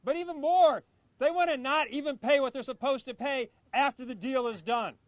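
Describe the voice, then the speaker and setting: A man's voice: extremely high pitch, moderate pace, no room sound. A man giving a fiery rally speech outdoors, leading call-and-response chants. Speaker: advocacy group speaker.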